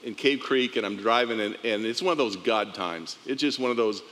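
A man's voice: on the low side, brisk, big-room sound, noisy background. A man, a pastor, tells a testimony story from the pulpit, laughing often and acting out the dialogue.

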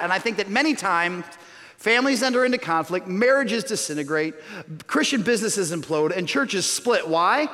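A man's voice: high-pitched, normal speed. A man preaching a sermon as pastor, telling stories with self-mocking humor. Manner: storytelling, animated and self-mocking. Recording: reverberant hall.

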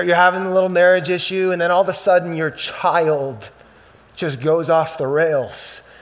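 High-voiced preacher giving a sermon. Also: male voice. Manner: emphatic, shifts between loud bursts and quiet, slow reading. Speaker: pastor.

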